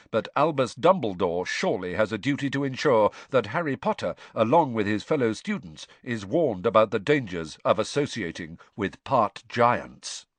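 Expressive male audiobook narrator. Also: medium pitch, no echo.

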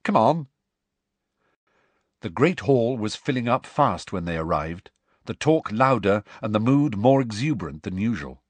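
A man narrating a storybook aloud in an expressive storytelling manner. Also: on the low side, normal speed, husky, dry recording. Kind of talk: audiobook narration.

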